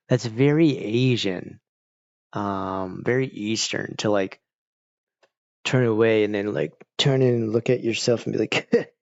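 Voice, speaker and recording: A man's voice: on the low side, creaky, darkish tone, no room sound, lo-fi sound. A man chatting casually with viewers on a live stream, rambling and laid-back. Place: home, evening stream.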